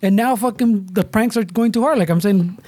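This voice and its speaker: A man's voice: high-pitched, fairly quick, a little mellow, dry recording. Profane rambling man. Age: adult parent. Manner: profane rambling storytelling mixing English and Spanish. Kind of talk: casual chat.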